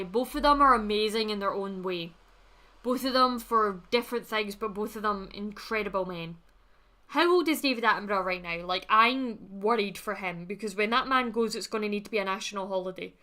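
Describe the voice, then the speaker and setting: A woman's voice: medium pitch, pushed and bright. A young woman hosting a livestream, chatting casually with viewers in a blunt, laugh-filled way and swearing freely. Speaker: livestream host reading chat. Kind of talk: casual chat.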